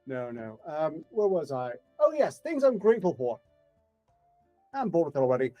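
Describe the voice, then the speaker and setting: A man's voice: on the high side, very animated, moderate pace, dark tone, faint music behind. A man co-hosting a comedy livestream, rambling in a dry, mock-grand manner. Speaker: co-host. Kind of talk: live comedy stream.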